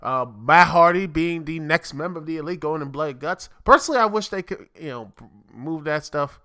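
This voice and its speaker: A man hosting a solo podcast, his voice bright and crisp, a little higher than most men's. He rambles cheerfully and keeps restarting his sentences with plenty of fillers. The sound is close and dry, like a home mic in a small room. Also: fairly quick, dry recording. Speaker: podcast host. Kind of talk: casual solo podcast talk.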